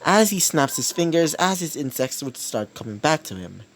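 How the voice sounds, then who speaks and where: A man's voice: a little high, very animated, moderate pace. A young man improvising fan-fiction narration, rambling and hesitant, repeatedly tagging lines with "as he says this". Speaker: storyteller.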